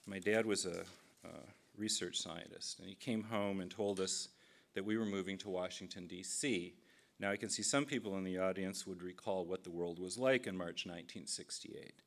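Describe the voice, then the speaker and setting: Middle-aged guy from minnesota, lowish voice, dry funny stories at a keynote. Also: a bit bright. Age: 50s. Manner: dry storytelling with self-deprecating asides. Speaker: political cartoonist giving a keynote speech. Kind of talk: humorous keynote speech.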